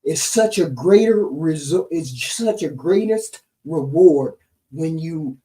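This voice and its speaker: A middle-aged woman co-hosting a podcast, retelling a family story in a casual, animated way and often asking "right?". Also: low voice, slow, distant mic, poor audio. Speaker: podcast co-host.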